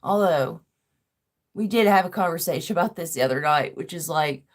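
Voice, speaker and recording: A woman's voice: sits low, animated, normal speed. A woman, chatting casually as a podcast host, rambling and swearing freely with lots of "like". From American South. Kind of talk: casual chat.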